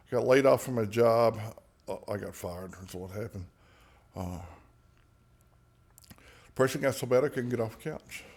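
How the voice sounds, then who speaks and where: On a podcast as a guest, a man with a lowish, darkish voice shares personal stories candidly and conversationally. He's frank and profane, tosses in jokes, and keeps restarting his sentences.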